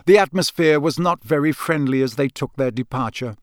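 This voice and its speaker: A man narrating a story in a measured, expressive way, his voice sitting slightly high. The sound is close and dry with no room around it. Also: no echo. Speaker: audiobook narrator. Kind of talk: scripted narration.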